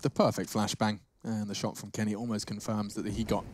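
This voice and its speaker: A man giving lively play-by-play commentary on a competitive game, breaking into shouts at big moments. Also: on the low side, brisk, slight background noise. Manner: excitable, bursts into shouts at big plays. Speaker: esports caster.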